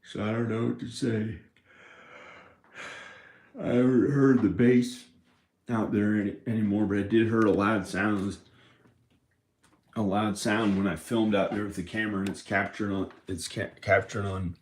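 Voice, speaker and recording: Speaking with a steady tone at a normal speed, this lowish-voiced man leaves long pauses as he meanders, trailing off and restarting his thoughts. It's a casual home vlog, recorded with a roomy echo in the house.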